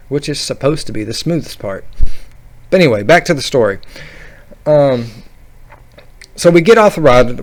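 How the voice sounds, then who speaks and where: Dude rambling through a funny ride story, kinda high voice, lots of restarts. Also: male voice. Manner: rambling, animated, laughing at his own story. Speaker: vlogger. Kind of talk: casual storytelling.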